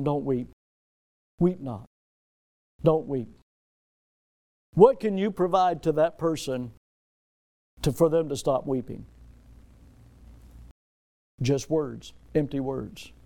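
Mellow-voiced male preacher, rhetorical and dramatic. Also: on the high side. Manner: dramatic preaching, rhetorical questions, repeated phrases. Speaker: pastor. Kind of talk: sermon.

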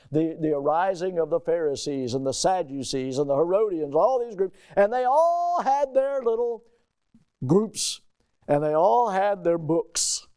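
A man preaching a sermon in an emphatic style, firing rhetorical questions at the congregation with sudden jumps in pitch and loudness. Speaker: pastor.

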